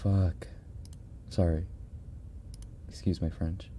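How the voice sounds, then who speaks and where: A man live-streaming on an ASMR channel, chatting casually about clips, often breaking into giggles while trying to keep his voice soft. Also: low voice, flat delivery, slow, slight background noise. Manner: giggly, breaks into laughter, talks softly. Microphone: binaural ASMR microphone.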